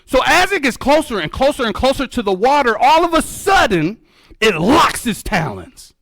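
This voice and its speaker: A man with a strikingly high, bouncing voice tells a story to a live audience, swinging from hushed asides to excited outbursts. He calls the crowd folks and acts out his own past reactions. The sound is close and dry. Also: moderate pace, gravelly, no room sound. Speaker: keynote speaker and birder. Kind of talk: animated storytelling talk. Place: museum event hall.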